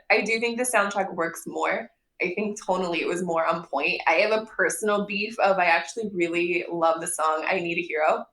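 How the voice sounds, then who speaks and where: A woman's voice: lowish voice, a bit bright. A woman guest on a podcast, chatting casually, laughing often and speaking emphatically. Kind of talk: casual chat. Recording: roomy echo.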